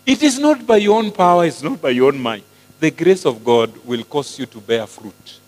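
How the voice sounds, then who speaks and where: A man preaches with animation, throwing questions out to the congregation as he shifts between English and Swahili. His voice sits a little high for a man. A long hall reverb and a low mains hum hang behind him. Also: animated, moderate pace. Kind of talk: sermon.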